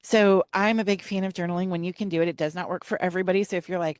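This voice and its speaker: A woman therapist giving a conversational, encouraging faith-based talk on trauma healing, sometimes slowing to a gentle, calm delivery. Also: lowish voice, dry recording, clean studio sound. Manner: conversational and encouraging, with frequent "right?" and "you know".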